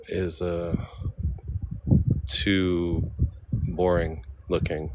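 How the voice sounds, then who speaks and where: A man streams live from seaside cliffs, talking into a handheld phone in a loose, chatty way. He reads out viewer names one after another and thanks them. His voice sits fairly low, with faint outdoor ambience behind it. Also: a little hiss or hum. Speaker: livestreamer. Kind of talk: casual live-stream chat.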